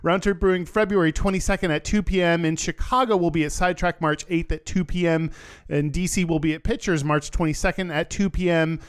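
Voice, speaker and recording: Male podcast co-host, teasing and upbeat, fairly high voice. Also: fairly even intonation, fairly quick, smooth. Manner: teasing, upbeat, laughs often. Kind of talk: casual chat.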